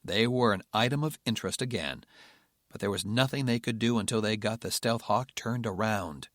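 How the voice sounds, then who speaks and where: A man reading a military thriller audiobook in steady, measured narration. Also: lowish voice, no room sound, studio quality. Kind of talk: scripted narration.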